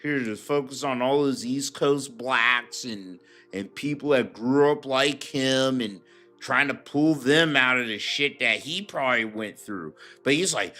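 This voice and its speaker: A man's voice: medium pitch, measured pace, pushed and bright, faint music behind. A man ranting casually and profanely while reacting to clips on his stream. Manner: profane, rambling, emphatic. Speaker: streamer commentator. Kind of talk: casual commentary rant.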